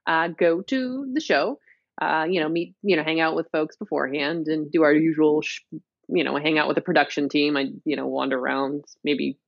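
Woman co-host, low voice, giggly rambling storytelling, dull dry lo-fi mic. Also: fairly even intonation, moderate pace, gravelly, dry recording. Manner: laughs often, rambling storytelling. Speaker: podcast co-host. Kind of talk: casual chat.

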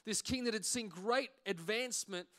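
A man's voice: high-pitched, normal speed, sharp tone. A man preaching a sermon as pastor, telling a humorous everyday story with acted-out asides.

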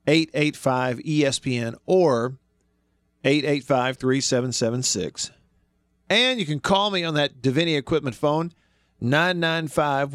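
A man's voice: medium pitch, no echo, clean studio sound. A male sports radio host chatting casually on air and laughing often as he tells a story. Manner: laughs often while telling stories. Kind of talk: casual radio show chat.

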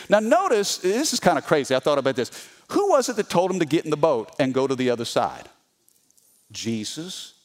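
A middle-aged male pastor preaching an energetic sermon, calling on the congregation to respond. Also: sits high. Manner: animated, call-and-response with congregation.

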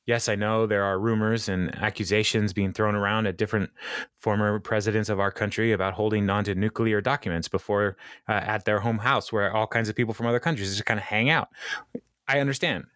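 A man's voice: on the low side, steady tone, a little fast, fairly bright tone, clean tone, no echo, studio quality. A man co-hosting a podcast in casual chat, joking and slipping into mock speeches. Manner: playful, jokey, with mock speeches. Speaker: podcast co-host.

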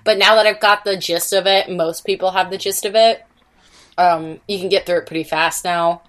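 A woman's voice: on the low side, fairly even intonation, moderate pace, fairly bright tone. A young woman co-hosting a podcast on her computer mic, chatty, laughing often and swearing casually. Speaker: podcast co-host. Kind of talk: casual chat. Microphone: computer microphone.

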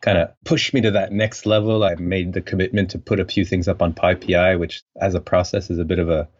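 A very deep-voiced man from French Canada, a scientist guest on a podcast. He thinks aloud in long, rambling turns full of fillers, and his voice comes through muffled and lo-fi. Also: flat delivery, a little fast. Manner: thoughtful, rambling, frequent fillers. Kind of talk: conversational interview.

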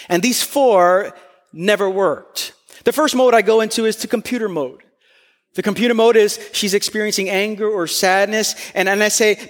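A middle-aged male pastor from New York preaches with animated, self-deprecating storytelling. His voice sits high for a man, and it rings with a long reverb through a large hall. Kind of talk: sermon.

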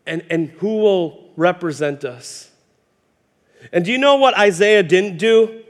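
In a church sanctuary with hall reverb, a male pastor in his thirties preaches an impassioned sermon full of storytelling. His voice sits high and he speaks slowly, stumbling over repeated words as he builds up.

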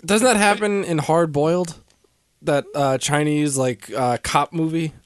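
A man's voice: a little high, unhurried, clear, resonant tone, dry recording, studio quality. A man riffing and laughing in a casual podcast chat. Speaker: podcast co-host.

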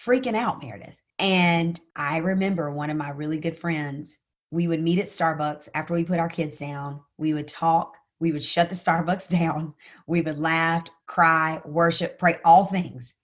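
A woman guest on a podcast, telling a personal story in an earnest, animated way and often addressing the host by name. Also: sits low, unhurried. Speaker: podcast guest, sales coach.

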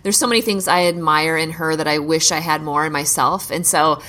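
A woman's voice: sits low, steady tone, fairly quick, sharp tone. A woman in a casual chat, earnest and enthusiastic, often repeating herself.

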